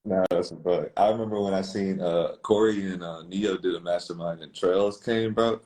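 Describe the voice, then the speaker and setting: A man's voice: sits low, fairly even intonation, moderate pace, dark tone. A man chatting casually and laid-back with a friend, in slangy speech. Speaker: guest. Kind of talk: casual chat.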